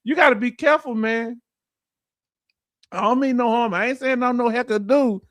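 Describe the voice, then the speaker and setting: A man's voice: very high-pitched, moderate pace, fairly bright tone, no room sound. A middle-aged man with a Southern US accent hosting a casual livestream, joking, laughing and reading out viewer comments. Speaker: livestream host.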